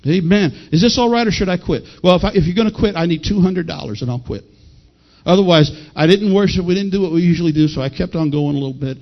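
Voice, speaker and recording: A middle-aged male pastor preaching a folksy, animated sermon that rises to shouted peaks. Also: high-pitched, fast talker. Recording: dull lo-fi sound.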